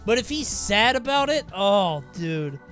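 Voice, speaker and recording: A young man streaming himself reacting to viewer stories, animated and quick to exclaim and swear. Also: high-pitched, soft background music. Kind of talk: casual reaction commentary.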